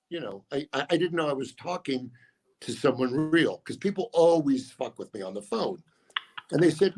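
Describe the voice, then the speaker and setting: Middle-aged male comic guest, husky voice, mid pitch, loose self-deprecating storyteller with lots of restarts. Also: very animated, normal speed. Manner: rambling, self-mocking anecdotes with many restarts. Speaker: comedian guest. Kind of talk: casual storytelling interview.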